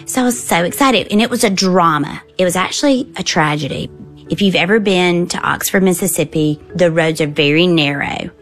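A middle-aged woman from the American South tells a personal story in a lowish, lively voice. She acts out the quotes. Soft music plays underneath. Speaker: storyteller guest.

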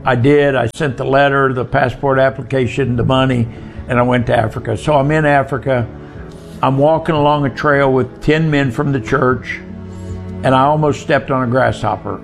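Gravelly older man telling his story. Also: mid-range voice, steady tone, normal speed, soft background music. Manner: folksy, plainspoken storytelling. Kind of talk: personal testimony storytelling.

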